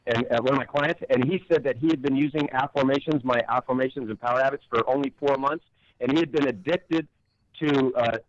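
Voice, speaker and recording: A man's voice: medium pitch, fairly quick, dry recording, lo-fi sound. A man as an interview guest, explaining with emphatic rhetorical questions and acted-out quotes. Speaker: guest author and coach.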